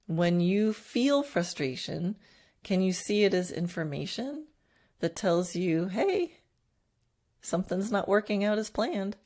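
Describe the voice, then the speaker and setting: A woman's voice: lowish voice, a little mellow. A middle-aged woman hosting a solo podcast as a horse trainer, talking reflectively, laughing often and acting out inner thoughts in quoted asides.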